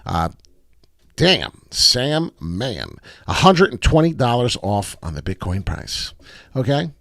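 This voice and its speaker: A man hosting a casual crypto livestream, talking through charts with excitement and plenty of swearing, and greeting viewers from the chat. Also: medium pitch, slow pace, vocal fry, dry recording, studio quality. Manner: excitable, profane, reads chat aloud.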